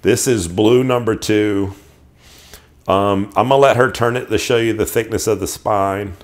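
Speaking at normal speed with a fairly low pitch, a middle-aged man casually presents knives from his collection. His enthusiasm shows in a rambling style full of restarted sentences.

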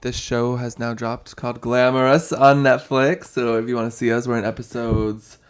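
A man co-hosting a podcast, recounting a story in a relaxed, casual chat. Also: mid-range voice, normal speed, clean tone. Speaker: podcast co-host.

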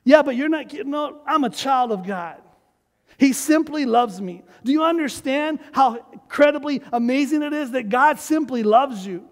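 A man's voice: extremely high pitch, animated, moderate pace. A man preaching a sermon as pastor, emphatic and urging the congregation to repeat his words. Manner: emphatic, urges the congregation to repeat after him. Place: church sanctuary. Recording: long hall reverb of a church sanctuary.

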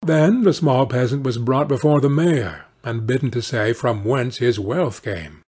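A man narrating a fairy-tale audiobook for English learners in a slow, deliberate way. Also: medium pitch, a little mellow, breathy edge.

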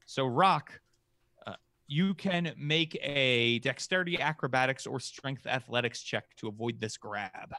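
A man's voice: mid-range voice, a little slow, pushed and bright, no echo. A man running a tabletop game as game master, narrating the action casually with many fillers.

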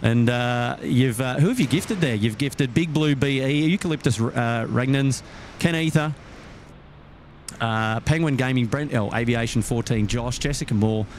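Australian man hosting, halting and cheery. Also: medium pitch. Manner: hesitant, full of "uh" fillers, cheery thanks. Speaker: livestream host. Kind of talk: live-stream chat, reading viewer messages. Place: outdoors at an airport at night, windy. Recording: outdoor noise, wind and traffic.

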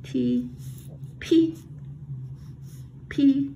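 Slow, gravelly Korean-accented woman teaching. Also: high-pitched, fairly even intonation, warm tone, highs cut off, slight background noise. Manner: patient, repeats sounds slowly and stresses them. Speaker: language teacher. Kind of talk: slow Korean alphabet lesson.

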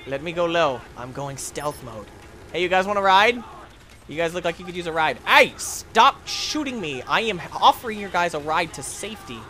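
A man hosting a let's play, commentating his own game with excitable jokes and yelps. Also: on the high side, brisk, a little hiss or hum. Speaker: gaming channel host.

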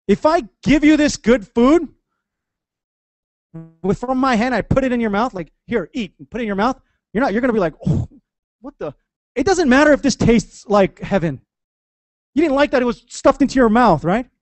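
High-voiced man preaching with playful energy. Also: no echo. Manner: animated, conversational preaching with playful asides. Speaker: pastor. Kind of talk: sermon. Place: church.

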